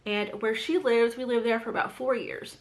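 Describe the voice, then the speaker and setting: Chatty southern gal talking books to the camera, kinda high voice, lots of "you guys". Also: female voice, steady tone, moderate pace. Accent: light Southern US. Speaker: book channel host. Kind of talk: casual chat to camera.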